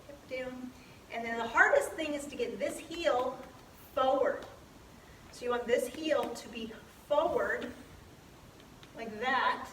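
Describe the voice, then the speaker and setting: A woman teaching ballet terms, talking slowly, repeating each term while she demonstrates in a dance studio. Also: a little high, fairly bright tone, slight background noise. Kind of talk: ballet lesson. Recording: echoey room from a distance.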